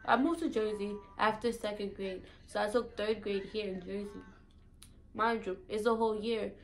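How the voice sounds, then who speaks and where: A woman's voice: medium pitch, fairly even intonation, normal speed, poor audio. A young woman from St. Thomas with a US Virgin Islands accent, chatting casually and playfully in a vlog. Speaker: vlogger. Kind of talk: casual chat.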